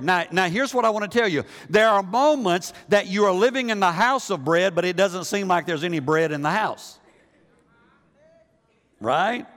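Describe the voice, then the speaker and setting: A man with a high voice preaches a sermon to his church, talking casually and often doubling his words as he goes. His voice rings with a long reverb from the church hall. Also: a bit bright. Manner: conversational preaching with frequent repeated words and rhetorical questions. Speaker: pastor. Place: church sanctuary.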